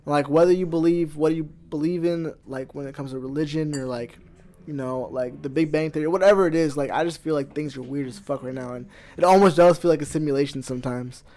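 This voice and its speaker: A man's voice: a little high, a little fast, mellow. A man in his twenties from Iowa, a rapper guest rambling with lots of "like" and swearing, a little intoxicated. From Iowa, USA. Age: 20s. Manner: rambling, heavy "like" filler, swears freely. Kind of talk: casual podcast chat.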